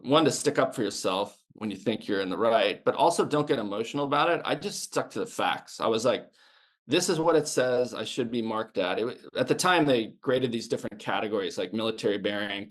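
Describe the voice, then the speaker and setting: A man's voice: lowish voice, fairly quick. A man in his fifties from the United States, a former Navy sniper and podcast guest, telling his story in a blunt, casual way that is full of restarts and swearing.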